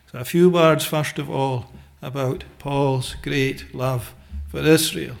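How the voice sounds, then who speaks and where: A man preaching a sermon in a slow, deliberate way, pausing often with "eh" and quoting old scriptural phrasing. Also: mid-range voice, fairly even intonation, creaky.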